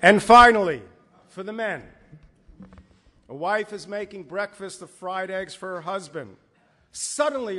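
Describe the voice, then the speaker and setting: A rabbi teaches a Torah class in a synagogue hall, mixing jokes into his lesson. He speaks in a high voice and tells his stories in a lively, emphatic way. His voice carries the long reverb of a large hall. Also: a little slow.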